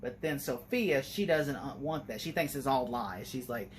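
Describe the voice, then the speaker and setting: A man's voice: medium pitch, animated, moderate pace, few pauses, slight background noise. A man giving a casual spoken review of a TV series, rambling and enthusiastic, filling his talk with "like". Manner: rambling and enthusiastic, heavy use of "like".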